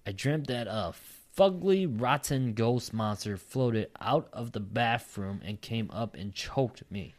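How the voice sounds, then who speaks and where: A man's voice: mid-range voice, expressive, slow, few pauses. A man hosting a casual podcast, reading a listener's story aloud and breaking off for profane, joking asides. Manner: profane, laughing asides between read lines.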